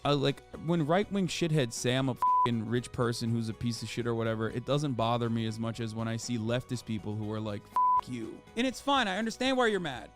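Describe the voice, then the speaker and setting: A man's voice: mid-range voice, lively intonation, brisk, few pauses. A man in a clip from a stream, ranting emphatically and swearing as he defends his views. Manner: passionate, emphatic, profane. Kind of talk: impassioned stream rant. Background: faint music.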